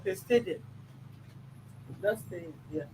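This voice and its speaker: Male mediator, high voice, firm and probing, traffic noise behind. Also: unhurried. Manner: firm, probing, repeats questions. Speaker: mediator host. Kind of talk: questioning a child in a family dispute.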